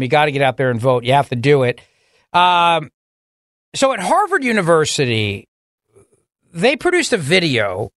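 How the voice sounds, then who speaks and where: A man's voice: a little high, a bit bright, dry recording, studio quality. A man hosting talk radio, indignant and emphatic, repeating words for stress. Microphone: studio microphone.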